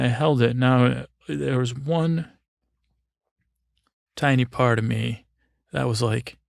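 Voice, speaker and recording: Gravelly man telling a rambling story. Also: medium pitch, no room sound, studio quality. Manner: halting and meandering, with many fillers and restarts; wry and self-deprecating.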